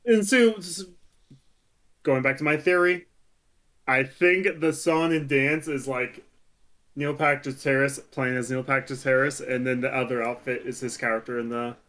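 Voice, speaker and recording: A man co-hosting a podcast in casual chat, excitable, tripping over his words and laughing often. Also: medium pitch, normal speed. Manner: excitable, stumbling restarts and laughs. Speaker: podcast co-host.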